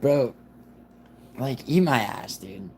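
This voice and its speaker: A man who is sick, with a raspy voice, chatting casually on a livestream in a rambling, profane way. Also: mid-range voice, expressive, slow pace, darkish tone, a little hiss or hum, rough recording. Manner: rambling, profane, restarts often. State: sick, rough voice. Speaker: livestream host.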